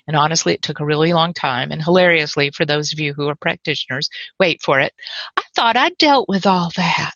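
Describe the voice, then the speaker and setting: Low gravelly woman telling a reflective story. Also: a little fast, fairly bright tone, no echo, highs cut off. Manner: reflective, wry, lyrical lists. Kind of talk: personal storytelling talk.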